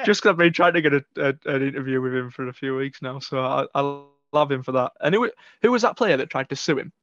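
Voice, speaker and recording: A man's voice: mid-range voice, quick pace, fairly bright tone, no echo. A man who is a guest on a podcast, chatting casually in an easygoing way, on a dull lo-fi recording. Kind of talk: casual chat. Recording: dull lo-fi audio.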